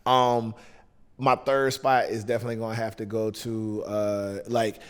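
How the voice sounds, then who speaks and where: A man's voice: on the low side, level tone, moderate pace, clean tone, in a large hall. A man with a Southern US accent, a wrestler guest chatting casually on a podcast in a loose, laid-back way with lots of fillers.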